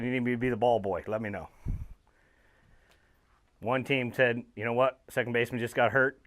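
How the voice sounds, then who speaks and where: A man in his thirties, a father of two and former pro ball player, gives a motivational talk to young players, telling his story with lively emphasis and calling them guys. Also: mid-range voice, smooth. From Southern California. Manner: animated storytelling, addresses listeners as guys.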